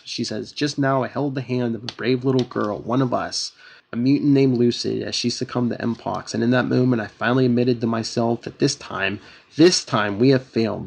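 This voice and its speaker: A man's voice: mid-range voice, vocal fry, a little mellow. A man hosting a podcast, casually retelling a comic book plot with lots of fillers and quoted lines. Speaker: podcast host.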